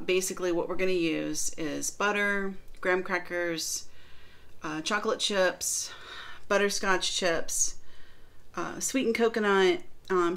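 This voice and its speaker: A woman's voice: on the low side, a bit bright. A middle-aged woman from the northern United States, chatting casually through a baking demo and product review with lots of fillers. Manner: chatty, rambling, many fillers. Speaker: baking vlogger.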